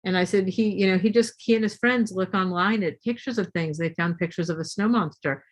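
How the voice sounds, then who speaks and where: A middle-aged woman guest speaker telling a story to an audience, lively and asking them questions along the way. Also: mid-range voice, a little fast.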